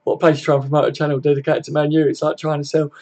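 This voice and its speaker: A man's voice: on the high side, monotone, rapid-fire, a little mellow. A young man hosting a casual football-fan live stream, chatting loosely, swearing freely and chuckling as he responds to viewers. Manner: laid-back, swears freely, chuckles often. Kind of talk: casual live-stream chat, reading comments aloud.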